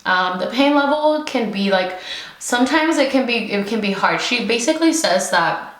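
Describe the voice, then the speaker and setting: A woman's voice: a little high, lively intonation, normal speed, echoey room. A woman from California talking frankly in a casual mukbang chat, full of fillers. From California, USA. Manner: chatty, frank, many fillers. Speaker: beauty vlogger.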